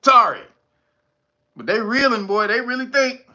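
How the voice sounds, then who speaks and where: A man's voice: extremely high pitch, animated, moderate pace, bright, forceful tone. A man hosting a casual commentary show, laughing often and riffing loosely while cursing freely. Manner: laughs often, riffs and restarts, curses freely. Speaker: host. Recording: dull lo-fi sound.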